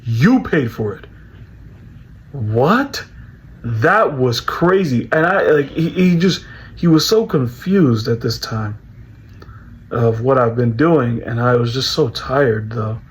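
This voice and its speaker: A man's voice: medium pitch, slow pace, breathy edge, low-quality recording. A young man casually recounting a personal experience, rambling, restarting and filling with "bro" and "like". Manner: rambling, repeats words, heavy fillers like "bro" and "like". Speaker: vlogger.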